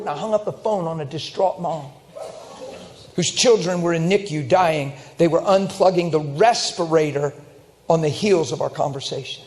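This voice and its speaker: A middle-aged man preaching a sermon, telling stories in an animated, emphatic way that climbs toward shouting. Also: sits high, a little fast. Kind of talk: storytelling sermon.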